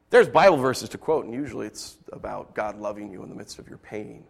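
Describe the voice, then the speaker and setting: A man preaching a sermon, acting out quoted voices and swinging from loud outbursts to quiet asides. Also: on the low side, lively intonation, brisk, creaky, hardly any pauses, husky. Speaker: pastor.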